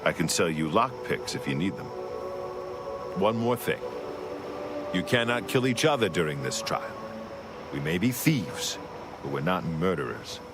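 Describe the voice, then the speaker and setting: A calm, measured guild thief in a fantasy game. His voice sits very low and steady. He speaks matter-of-factly, with game music behind him. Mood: firm.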